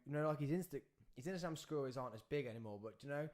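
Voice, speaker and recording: A young man hosting a podcast, chatting casually and telling anecdotes in quick bursts with trailing asides. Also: mid-range voice, expressive, a little mellow. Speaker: podcast host. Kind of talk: casual chat.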